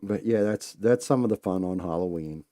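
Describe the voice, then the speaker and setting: A man's voice: deep voice, moderate pace, warm tone. A man hosting a live stream, telling loose, rambling stories in a casual, conversational way. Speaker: host.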